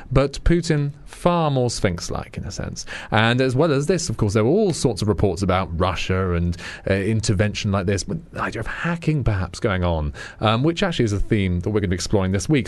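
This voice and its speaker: A man's voice: on the low side, big pitch swings, a little fast, no echo. A man hosting a political radio show, talking in a chatty, wry way with many fillers and restarts. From Britain. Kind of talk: radio monologue on current affairs.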